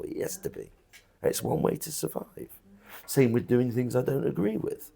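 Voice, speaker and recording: A man's voice: medium pitch, very animated, normal speed, gravelly, warm tone, slightly rough. A man who runs a pub, talking casually in an interview, blunt and chatty, with lots of restarts and asides. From England. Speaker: pub landlord. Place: country pub bar.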